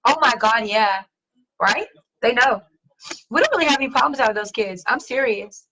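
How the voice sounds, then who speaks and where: A middle-aged woman hosting a casual chat, reading viewer comments, slangy and animated, swearing casually and laughing often. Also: on the high side, normal speed, low-quality recording. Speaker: host.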